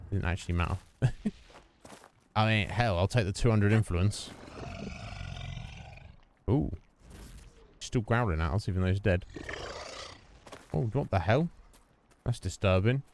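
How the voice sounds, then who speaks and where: A man's voice: fairly low pitch, darkish tone. A man streaming a video game, chatting casually and thinking aloud as he plays and greets viewers. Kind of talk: casual gameplay commentary.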